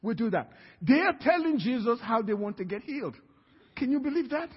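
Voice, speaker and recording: Male pastor, sermon, high voice, lively storytelling, dull reverberant church recording. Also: fairly quick, husky. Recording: reverberant hall, dull sound.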